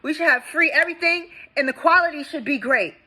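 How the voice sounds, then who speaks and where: A young woman and veteran, ranting with indignation in a vlog, swinging between loud outbursts and low mutters. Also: a little fast, rough recording. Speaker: veteran vlogger. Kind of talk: impassioned vlog rant.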